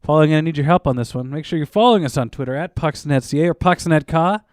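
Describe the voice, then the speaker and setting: A man's voice: fairly high pitch, quick pace, a little mellow, no echo. A man co-hosting a podcast, dropping dry quips and reading show plugs in casual chat. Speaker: podcast co-host.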